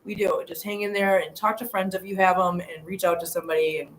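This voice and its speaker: A middle-aged woman, the channel host, live streams from a hotel room in a lowish, steady voice at a fast clip. Her words to viewers are earnest and from the heart, with plenty of laughter. The rough recording carries slight background noise.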